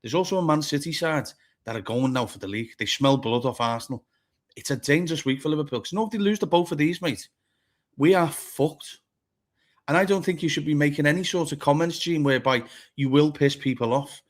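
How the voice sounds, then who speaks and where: A man's voice: a little high, brisk. A man on a football fan panel, talking bluntly, swearing a lot and getting heated. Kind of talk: casual fan chat.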